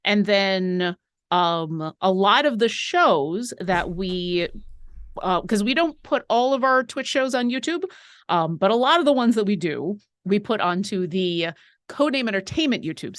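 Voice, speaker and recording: A woman's voice: medium pitch, expressive, no room sound, clean studio sound. A woman co-hosting a live painting stream, reading viewer questions and chatting in a rambling, talkative way. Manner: chatty and rambling, quick asides.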